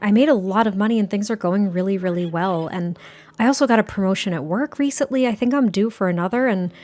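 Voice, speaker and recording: A woman's voice: medium pitch, quick pace, a little mellow, close to an everyday voice. A woman voicing a cheerful, confident young woman baker in a life-sim game, chatty and upbeat.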